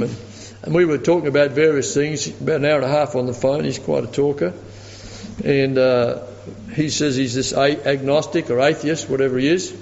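Man preaching, emphatic, somewhat high voice, echoey hall, dull lo-fi sound. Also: a little mellow. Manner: emphatic, chuckling at own story. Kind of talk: sermon with anecdote.

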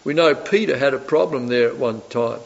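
A man preaching a sermon, putting rhetorical questions to his listeners and swinging between loud emphasis and soft asides. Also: mid-range voice, fairly quick, gravelly. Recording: reverberant hall, dull lo-fi sound.

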